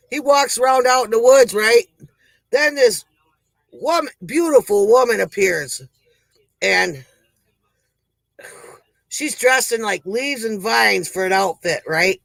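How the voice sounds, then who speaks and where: Male performer as a rambling, breathless country-woman comic host; high voice, slow, dry close sound. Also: gravelly, fairly bright tone, no echo, full character voice, low-quality recording. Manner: rambling, sighing between jokes. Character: folksy joke-telling country woman host. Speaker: comedy show host. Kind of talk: comic monologue.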